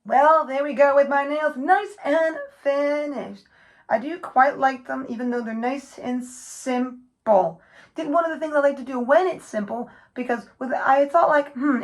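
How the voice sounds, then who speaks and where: A woman's voice: high-pitched, poor audio. Chatty woman narrating her nail art. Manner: chatty, rambling, self-correcting while working. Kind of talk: casual tutorial narration.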